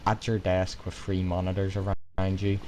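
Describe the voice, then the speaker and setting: A man's voice: low voice, completely flat delivery, normal speed, a little mellow. A man with an Irish accent arguing heatedly in a voice chat, swearing and exasperated. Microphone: voice chat microphone.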